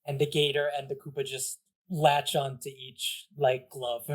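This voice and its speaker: A man's voice: medium pitch, little pitch movement, measured pace. Casual man running a tabletop game. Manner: casual, filler-heavy narration with many "like"s. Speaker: game master.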